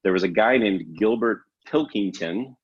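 A man's voice: lowish voice, lively intonation, moderate pace, breathy edge, muffled recording. A man hosting a casual chat, rambling and self-correcting and laughing often. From Canada. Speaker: podcast host.

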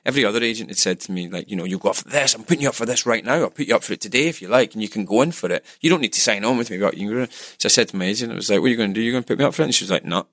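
Low-voiced Scottish man, dry close sound. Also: rapid-fire, hardly any pauses, no room sound. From Scotland. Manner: animated storyteller, acts out quoted voices. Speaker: actor guest. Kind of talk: casual interview chat.

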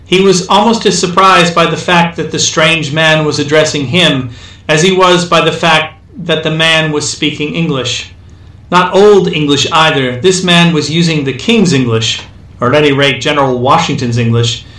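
A man's voice: fairly high pitch, moderate pace, sharp tone. A man narrating a scripted comic story with wry, dry timing. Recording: echoey room, distant mic.

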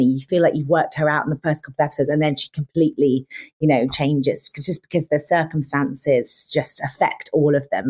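Gushing actress with a low voice. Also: female voice. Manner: gushing, enthusiastic, effusive. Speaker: actress guest. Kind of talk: casual interview chat.

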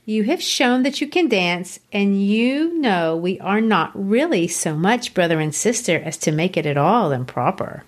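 A woman reading as Emma, a spirited young gentlewoman. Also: medium pitch, lively intonation, measured pace, hardly any pauses. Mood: earnest. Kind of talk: reading a novel's dialogue aloud.

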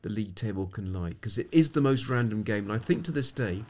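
A man's voice: fairly low pitch, expressive, quick pace, a little mellow. A middle-aged man from England, a sports psychologist speaking as a podcast guest, reflective and anecdotal, often restarting his sentences. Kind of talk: podcast interview storytelling.

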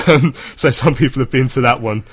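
A man's voice: medium pitch, moderate pace, breathy edge. A man in his thirties hosting a casual football chat, chatty and laughing often as he reads out listener messages. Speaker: football podcast host.

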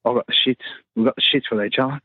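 A man with a crude, sweary way of telling a story, doing quick voices for the people in it. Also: mid-range voice, fairly even intonation, dry recording, phone-quality sound.

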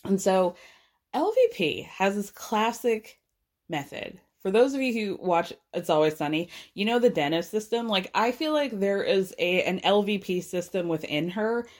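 A woman chats through a recap in a relaxed, conversational way. Her voice sits at an ordinary middle pitch, and she talks with a dry, sarcastic edge, often breaking into laughs. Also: normal speed. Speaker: podcast host recapping a reality show. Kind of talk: casual recap chat.

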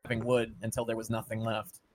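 A man's voice: fairly low pitch, monotone, fairly quick, darkish tone, dry recording. Offhand joking man, dry mic. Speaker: tabletop game player. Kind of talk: casual podcast chat.

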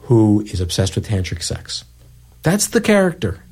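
Casual male co-host, conversational, halting delivery full of restarts. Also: lowish voice, wildly swooping pitch, a little mellow, husky. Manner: halting, restarts and stammers when building a point. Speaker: podcast co-host. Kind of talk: casual movie review chat.

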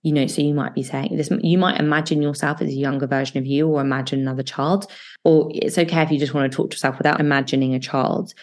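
A woman hosting a solo advice podcast as a coach, talking listeners through fear with reassuring words and slow guided breathing exercises. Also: low voice, steady tone. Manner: warm, reassuring self-help delivery with slow guided breathing passages.

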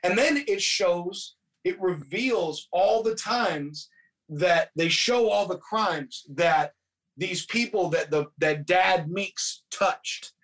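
Chatting loosely about a film, this man retells its story in a profane, meandering way, voicing the characters' lines. He speaks slowly in a high, fairly bright voice. The mic is far from him.

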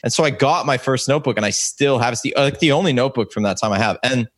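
A man's voice: medium pitch, fast talker, a bit bright, no room sound. A man in his thirties tells comedy stories in a loose, rambling way, full of fillers and restarts. His voice sits in a middle register, and the recording is close and dry. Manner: rambling, self-interrupting anecdotes with many fillers. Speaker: comedian guest. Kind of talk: casual storytelling chat.

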